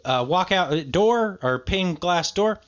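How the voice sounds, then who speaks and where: Animated swearing male podcaster. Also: takes it slowly, smooth. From rural area. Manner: animated storyteller, swears freely, jumpy pitch. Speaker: podcast co-host. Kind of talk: casual podcast chat.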